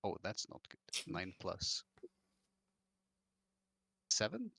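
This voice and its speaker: A man playing a tabletop role-playing game on a stream, relaxed as he describes his character's attacks and chuckles often. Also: sits low, takes it slowly, vocal fry, husky, no echo. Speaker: player. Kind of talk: casual tabletop play on stream.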